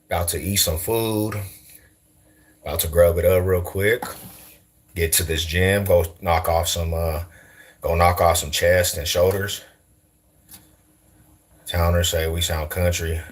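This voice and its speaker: With a deep voice, a measured pace, and frequent pauses, this young vlogger from Denver, USA, chats casually to camera on the street. He has an East Side Denver accent and comes across as slangy, loose, and animated, laughing a lot.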